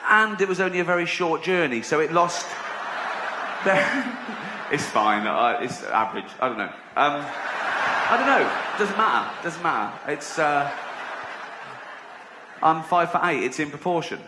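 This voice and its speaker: Brief: middle-aged English male comic, slightly high voice, self-mocking rambling, roomy live recording. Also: expressive, a little slow, pauses often, very noisy. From England. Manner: rambling, self-deprecating, breaking into laughter. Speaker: stand-up comedian. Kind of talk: stand-up comedy routine. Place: theater stage with audience.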